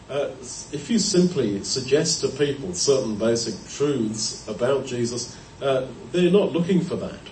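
A man of mid pitch delivers a Bible teaching sermon, working through verses in a measured, explanatory way with pauses and small self-corrections. He sounds set back from the microphone in a roomy space with a faint hiss underneath. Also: mellow. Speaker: preacher. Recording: roomy, distant mic, faint background noise.

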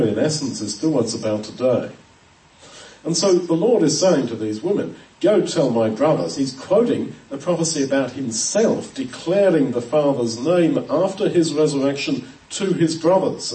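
A man delivers a sermon with earnest emphasis, often stumbling and restarting his words. His voice is mellow and darkish, and it reaches the mic from a distance in an echoey room. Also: medium pitch. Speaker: preacher. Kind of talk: expository sermon.

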